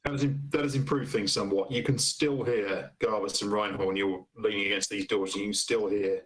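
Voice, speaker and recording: A man runs a tabletop role-playing game as game master, describing what the players hear and see. He speaks matter-of-factly in a somewhat low voice. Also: steady tone, a little fast, poor audio.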